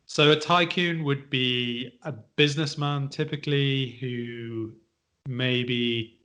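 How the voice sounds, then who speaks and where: A man's voice: mid-range voice, fairly even intonation, takes it slowly, a bit bright, clean tone. A man guesting on a casual podcast, guessing word origins with hesitant, self-deprecating humour. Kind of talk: casual chat, guessing answers.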